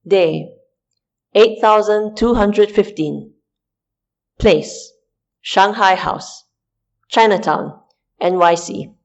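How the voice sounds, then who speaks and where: A woman's voice: mid-range voice, extremely slow, pauses often, dull audio. A woman reading a first-person story aloud in a dry, wry food-diary manner. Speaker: story reader. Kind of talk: scripted first-person narration.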